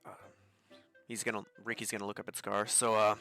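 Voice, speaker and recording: A man's voice: lowish voice, level tone, quick pace, vocal fry, sharp tone, faint music behind. A young man playing a tabletop role-play game, speaking in a polite, hesitant way. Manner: polite, hesitant, ends lines with "sir". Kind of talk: in-character role-play talk.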